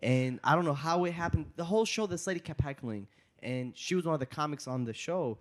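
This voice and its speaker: A young adult man, a comedian guest on a casual podcast, telling stories in an animated way, acting out quotes and laughing often. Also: a little high, brisk.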